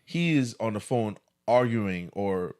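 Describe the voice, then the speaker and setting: A man co-hosting a casual podcast discussion, animated and acting out quoted lines as he tells stories. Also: on the low side, takes it slowly. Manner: animated storyteller, acts out quotes. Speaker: co-host.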